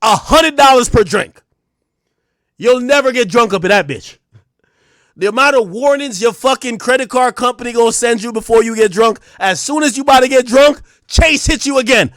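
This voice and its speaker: A streamer in his thirties riffs to his live chat in a loose, profane rant at normal speed. His high voice swings between loud, mocking outbursts and low, mumbled asides. The sound is dry and close, with no room sound around it.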